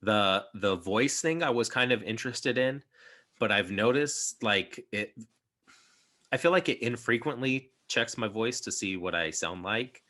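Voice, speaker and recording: Low-voiced young man, bright and rambling. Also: unhurried. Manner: rambling, many fillers and restarts. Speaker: podcast host. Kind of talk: casual chat.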